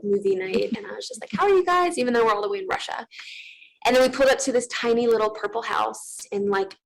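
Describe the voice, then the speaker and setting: A woman's voice: mid-range voice, creaky, rough recording. A woman in her thirties, a guest telling a personal story in a candid, earnest way, with many fillers and restarts.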